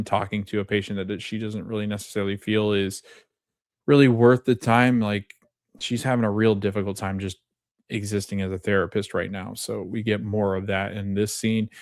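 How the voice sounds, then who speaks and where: A man hosting a podcast, recapping a TV episode in a chatty, animated way with lots of fillers and laughs. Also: on the low side, no echo, studio quality. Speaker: podcast host.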